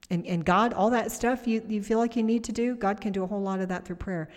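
A woman's voice: mid-range voice, brisk, few pauses, long reverb tail. A middle-aged woman preaching and praying over viewers on a livestream, talking conversationally and reading comments aloud. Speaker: prayer minister on a livestream.

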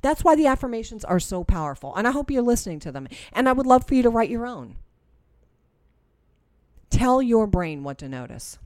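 A middle-aged woman teaching a faith-based group, animated and repeating herself as she acts out inner voices. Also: a little high, brisk, no echo, clean studio sound. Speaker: Christian life coach. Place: room with a live audience.

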